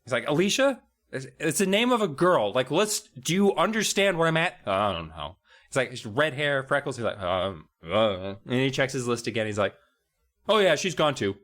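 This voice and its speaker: A man's voice: medium pitch, moderate pace. A man co-hosting a comedic podcast, retelling a kids' horror book and acting out the characters in goofy voices. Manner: animated storyteller, acts out characters in goofy voices. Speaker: podcast co-host.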